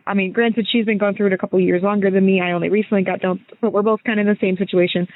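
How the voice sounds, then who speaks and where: A woman's voice: medium pitch, steady tone, racing, dry recording. A young woman in her mid-twenties talks through her problem in a loose, rambling voice message. She stops and restarts often. The sound is thin and phone-like, close and dry. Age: 20s. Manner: rambling, hesitant, self-interrupting. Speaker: listener caller sending a voice message. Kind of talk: casual recorded voice message.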